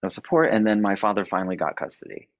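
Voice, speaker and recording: A man telling a personal story, halting and repeating words as he goes. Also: deep voice, expressive, no room sound, muffled recording. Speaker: podcast guest.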